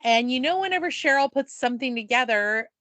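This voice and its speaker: Playful female podcast co-host, slightly high bright voice, dry. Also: brisk, no room sound. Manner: playful, animated storyteller. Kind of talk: casual chat.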